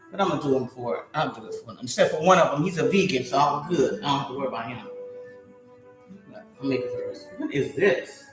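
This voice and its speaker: A hoarse middle-aged woman talks straight to her viewers as she bakes, her pitch swinging up and down as she exclaims to herself. The room rings with echo, and music plays underneath her. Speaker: home baker streaming live. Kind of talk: chatty live cooking stream. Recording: echoey room with music behind.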